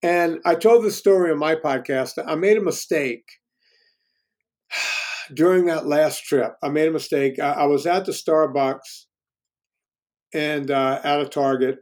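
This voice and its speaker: A man's voice: a little high, a little slow, long pauses, darkish tone. A man in his fifties, a guest telling stories in casual conversation, candid and self-deprecating, often restarting his sentences. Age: 50s.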